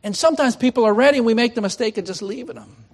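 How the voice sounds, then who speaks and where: A man preaching a sermon, swinging from loud emphatic declarations to hushed, almost whispered appeals, repeating his questions for effect. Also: very high-pitched, racing. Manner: repetitive pleading questions.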